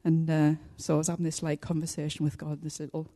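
An older woman giving a halting, heartfelt personal testimony to a church congregation. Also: low-pitched, monotone, dark tone. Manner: halting and heartfelt, many pauses and fillers.

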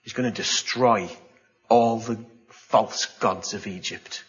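A man preaching a sermon, telling a story with gasps, exclamations and lively asides. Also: on the low side, slow, lo-fi sound, faint music behind. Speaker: pastor.

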